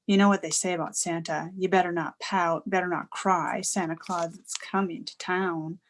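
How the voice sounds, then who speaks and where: A woman's voice: fairly low pitch, fairly even intonation, moderate pace, close to an everyday voice. Woman doing a grumpy, teasing dad. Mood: grumbling.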